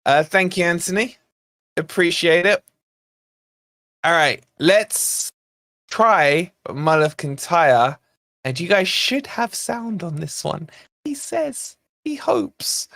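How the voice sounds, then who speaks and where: A man's voice: fairly high pitch, lively intonation, slow pace, pauses often, sharp tone, no room sound, clean studio sound. A man hosting a football watch-along stream, chatting, joking and mildly swearing to viewers. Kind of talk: casual live-stream chat and commentary.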